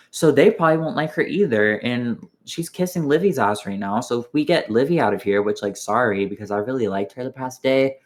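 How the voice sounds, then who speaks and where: A young man in an online voice chat, retelling game drama in a casual, animated way, full of quoted dialogue. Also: on the low side. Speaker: player in an online strategy game.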